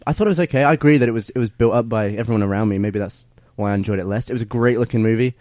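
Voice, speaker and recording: Quick-talking man, dry close sound. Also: on the low side, a little mellow, dry recording. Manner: curious, asks questions. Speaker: podcast regular. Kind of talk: casual chat.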